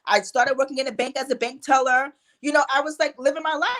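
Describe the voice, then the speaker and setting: A woman's voice: high voice, steady tone, fast, fairly bright tone. A young adult woman from New York, a guest life coach telling her story in a casual chat with lots of "you know" and "like".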